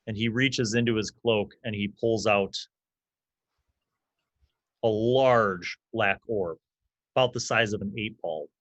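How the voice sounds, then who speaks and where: Low-voiced game master narrating. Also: male voice, takes it slowly, pauses often, fairly bright tone, no echo. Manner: casual, with loose fillers.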